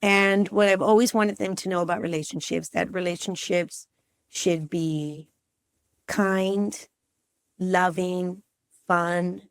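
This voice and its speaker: A woman in her fifties, a relationship coach talking as a podcast guest, telling a personal story in a lively, chatty way and calling the listener "girlfriend". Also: on the low side, slow, clean tone, no echo. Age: 50s. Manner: lively storyteller who acts out scenes and calls the listener "girlfriend". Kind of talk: casual interview storytelling.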